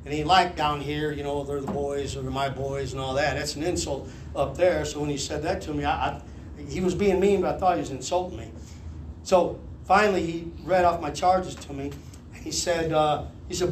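A man in his fifties, a pastor telling a story from his past in a sermon, animated, laughing and shouting out the lines he quotes. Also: on the high side, normal speed, a little hiss or hum. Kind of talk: sermon testimony. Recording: echoey room with faint ambience.

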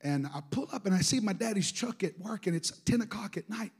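A middle-aged man preaching a sermon, telling emotional stories that swing from hushed to shouting. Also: sits high, lively intonation, fairly quick, slightly rough. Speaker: pastor.

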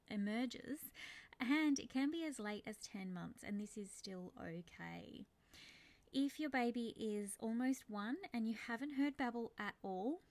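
A woman calmly explaining baby speech development, reassuring parents and demonstrating babbling sounds. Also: fairly high pitch, vocal fry. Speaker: speech therapy educator. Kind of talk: explanatory teaching monologue.

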